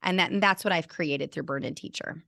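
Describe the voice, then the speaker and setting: A woman's voice: deep voice, fairly quick, gravelly, a bit bright, dry recording, clean studio sound. A middle-aged woman, a teacher and burnout coach, telling a personal story earnestly and with feeling as an interview guest, often restarting her sentences. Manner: earnest, emotional, with many restarts.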